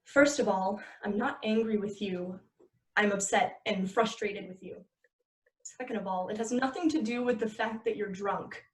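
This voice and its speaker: A woman's voice: medium pitch, normal speed, lightly acted. A woman reading the part of a tired, frustrated girlfriend driving at night, firm and scolding, in a table read of a film script. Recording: echoey room, far from the mic.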